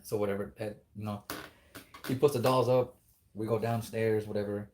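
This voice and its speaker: Man, low voice, casual spooky storytelling, rambling, swears a lot, faint background noise. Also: steady tone, normal speed, a little mellow. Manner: profane, rambling, acts out quoted dialogue.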